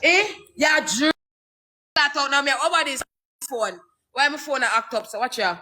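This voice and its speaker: A young Jamaican man in an angry, profane rant, shouting and cursing in rapid patois. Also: very high voice. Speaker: social media personality.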